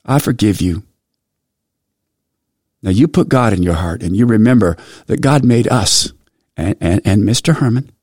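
A man quoting an older grandmother, speaking softly and tenderly as she forgives a boy. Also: on the low side, expressive, moderate pace, long pauses, husky, dry recording, clean studio sound. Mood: tender forgiving. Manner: soft, tender, calls the boy baby. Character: kind older grandmother, gently forgiving, devout.

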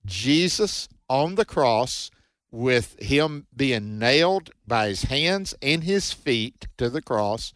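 A man's voice: mid-range voice, lively intonation, slow pace, a bit bright, dry recording. A man co-hosting a Bible teaching radio show, reading scripture aloud and commenting in an earnest, preacherly way.

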